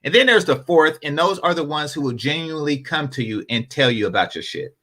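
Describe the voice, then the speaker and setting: High bright voice, guy ranting and telling stories, cusses a lot, swings all over. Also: moderate pace. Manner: animated, profane storyteller. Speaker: panel commentator. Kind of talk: casual commentary.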